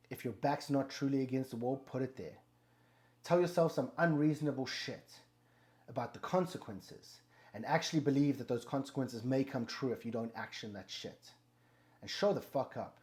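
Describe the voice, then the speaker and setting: A man's voice: mid-range voice, normal speed, darkish tone. A man hosting a motivational talk, speaking bluntly and emphatically with heavy swearing. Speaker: motivational podcast host. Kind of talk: motivational monologue.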